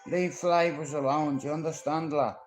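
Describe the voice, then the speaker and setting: A man's voice: on the high side, steady tone, normal speed, reverberant, soft background music, poor audio. Profane Dublin man ranting on a livestream. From Ireland. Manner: profane, confrontational, storytelling. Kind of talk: rambling live-stream monologue.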